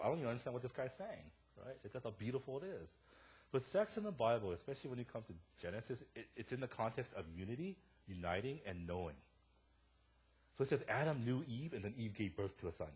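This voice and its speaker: Young male pastor, casual joking sermon, slightly husky, big jumps in volume. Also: lowish voice. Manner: casual, joking storyteller with a wide swing in loudness. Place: church sanctuary.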